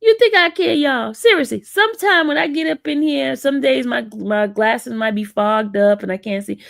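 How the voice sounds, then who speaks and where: A woman's voice: fairly high pitch, normal speed, vocal fry, a bit bright, no echo, clean studio sound. A woman with an East Coast American accent hosting a casual livestream, teasing and sassing her chat. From northern US. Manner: sassy, teasing, talks back to chat. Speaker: livestream host.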